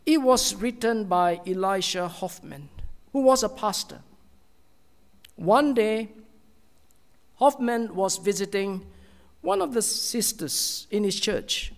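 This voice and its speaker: A man preaching a sermon as a pastor, slow and earnest, with many pauses and often dropping to a soft, hushed tone. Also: sits high, expressive, vocal fry, in a large hall.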